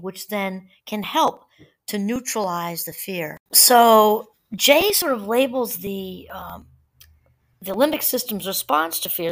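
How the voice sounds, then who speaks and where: A woman talks through mindfulness ideas in a relaxed, conversational way, breaking off for small asides and picking her thread back up. Her voice sits at an ordinary middle pitch, and she reads quoted passages in a steady tone. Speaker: podcast host. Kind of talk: casual solo talk on mindfulness. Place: home.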